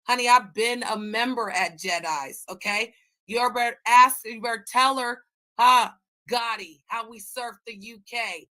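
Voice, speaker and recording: A woman's voice: fairly high pitch, a little slow, bright, forceful tone. A woman from the United States hosting a livestream, ranting in a brash, profane, combative way. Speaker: livestream host. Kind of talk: heated livestream chat.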